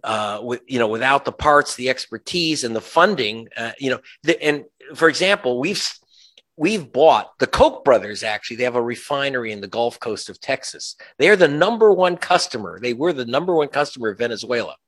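A man's voice: medium pitch, lively intonation, brisk, fairly bright tone. A male journalist, a guest in an interview, giving passionate political commentary, sarcastic, with frequent restarts. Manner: impassioned, sarcastic, many restarts.

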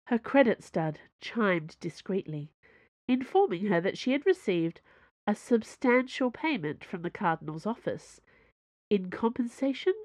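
A woman reading a science fiction story aloud in an even, measured audiobook style. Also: medium pitch, no echo. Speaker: narrator. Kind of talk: audiobook narration.

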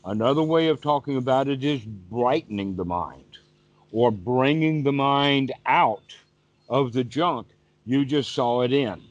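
Male meditation teacher, mid-pitched, calm repetitive explainer; dull lo-fi call recording. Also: unhurried, no room sound. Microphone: video call. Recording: dull, dry lo-fi call audio.

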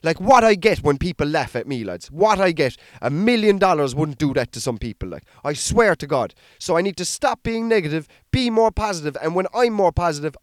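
A young Irish comedian talking in a casual, rambling, sweary podcast monologue. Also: male voice, a little high, no echo, studio quality. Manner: sweary, rambling, self-deprecating.

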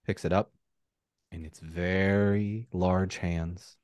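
A man running a tabletop game as game master with measured, descriptive narration. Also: deep voice, steady tone, darkish tone, no room sound, clean studio sound.

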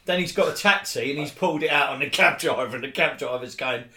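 A man, co-hosting and telling a rambling story in casual chat, laughing and bursting into loud bits. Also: on the high side, quick pace. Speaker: co-host, storyteller. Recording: echoey room.

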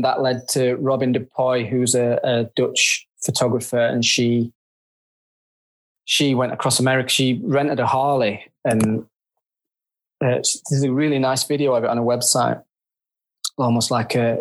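A man who works as a photographer, talking casually as an interview guest, chatty with frequent restarts. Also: medium pitch. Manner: chatty, halting, self-described grumpy.

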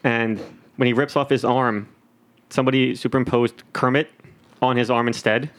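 A man's voice: medium pitch, normal speed. A man co-hosting a podcast, telling jokey stories in casual chat. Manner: jokey, animated storyteller who slips into silly voices. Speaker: podcast co-host.

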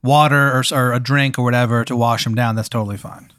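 A man's voice: mid-range voice, fairly even intonation, fast, a bit bright, no echo, studio quality, close to an everyday voice. A man voicing a small-time male wizard with a thick Maryland accent and pushy salesman patter.

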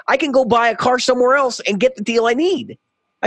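A man's voice: extremely high pitch, fast talker, fairly bright tone, no room sound. A man co-hosting a podcast who tells a long story in casual chat and acts out both sides of a heated exchange. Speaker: podcast co-host.

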